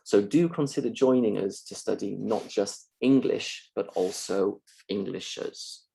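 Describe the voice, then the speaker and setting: A man's voice: fairly low pitch, measured pace, creaky, warm tone, breathy edge, poor audio. A man giving an explanatory university mock lecture in a conversational way, with fillers and restarts.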